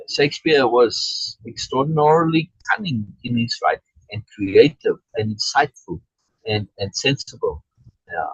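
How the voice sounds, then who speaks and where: A man leading a casual online Shakespeare session. His voice swings up and down a lot and has a husky edge. It comes through a dry, slightly muffled video call line. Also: on the high side, fairly bright tone, no room sound. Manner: explains with many restarts and "right?" checks, reads chat comments aloud. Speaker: Shakespeare reading group leader. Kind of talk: casual online teaching chat.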